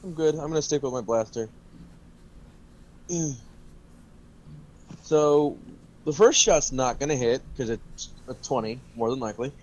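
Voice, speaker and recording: Male player: slow, slightly high, laid-back and a bit crude, on a muffled voice-chat line. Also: a little mellow, a little hiss or hum. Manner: laid-back, swears and hums. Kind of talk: casual tabletop play.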